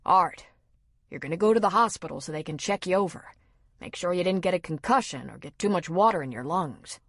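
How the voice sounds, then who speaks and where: A woman voicing an older retired general who briskly takes charge and gives instructions. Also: sits high, animated, a bit bright, dry recording, clean studio sound, full character voice.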